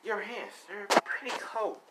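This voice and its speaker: A bubbly, friendly teenage girl, voiced by a man, chirps in a high, eager voice. The voice sits a little above the usual male range, with steady background noise underneath. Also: unhurried.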